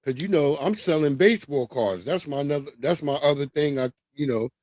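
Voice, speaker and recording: A man telling a long, profane childhood story on his livestream in a streetwise, animated way. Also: fairly high pitch, a little fast, dry recording, studio quality. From New York. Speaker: livestream host. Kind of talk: casual storytelling.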